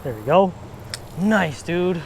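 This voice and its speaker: A young man filming himself fishing outdoors at a spillway, talking casually and bursting into excited exclamations, recorded on an action camera. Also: high voice, slow, gravelly, noisy background. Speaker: fishing vlogger. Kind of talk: casual on-the-spot commentary.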